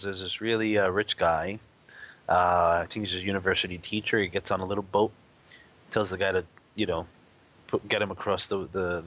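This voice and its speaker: A man sharing teaching stories in an easygoing, rambling way, acting out the voices in them. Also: fairly low pitch. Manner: rambling storyteller, animated quoted voices. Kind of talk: casual spoken teaching.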